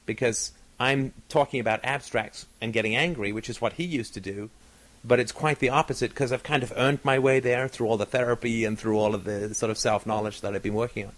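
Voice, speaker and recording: A podcast host with a medium-pitched voice talks briskly with fairly even intonation. In casual chat, he's discursive and analytical, full of fillers and restarts.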